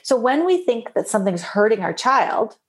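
A woman's voice: on the high side, normal speed. A woman coaching a client through a parenting worry, probing with questions and playfully voicing the client's thoughts. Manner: animated, playfully acts out the client's inner voice. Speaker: life coach. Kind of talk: coaching session.

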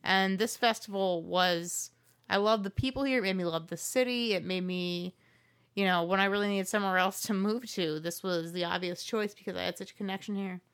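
A woman's voice: mid-range voice, brisk, fairly bright tone, smooth. A woman stand-up comedian, a guest in a studio, chatting upbeat about an event she promotes. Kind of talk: casual chat.

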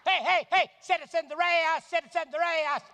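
A man acting out a furious prophet who shouts up high and insists without letup. The voice is bright and sharp. It rings through a big, reverberant hall. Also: fairly even intonation, normal speed. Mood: yelling, accusing. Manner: yelling accusations.

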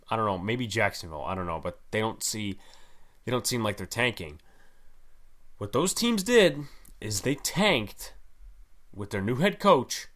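Young male podcast host, solo sports commentary, emphatic and rambling, lively pitch. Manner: animated, emphatic, rambling with many fillers.

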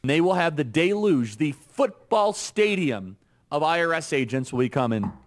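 A man speaking in a played clip of a political talk show, his voice a little on the high side. He lectures emphatically, issuing warnings. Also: sing-song, moderate pace, slight background noise. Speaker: political commentator.

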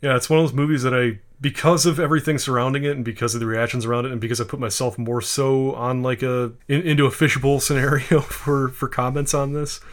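A man's voice: mid-range voice, fairly even intonation, fast, few pauses. A man co-hosting a podcast in casual chat, rambling and chuckling as he talks. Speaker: podcast co-host.

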